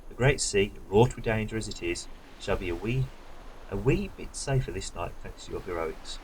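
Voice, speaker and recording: A man's voice: lowish voice, lively intonation, moderate pace, a little hiss or hum, natural voice, rough recording. A British man reading a male quest-giver's lines from a game in his own plain voice. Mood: solemn. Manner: reads quest text in his own voice, no accent. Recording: voice over loud game music.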